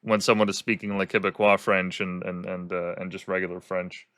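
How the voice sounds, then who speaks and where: A man hosting a casual interview podcast, telling animated stories and acting out the people he quotes. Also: low-pitched, brisk, smooth, no echo, clean studio sound. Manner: animated storyteller who acts out quoted people. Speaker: podcast host.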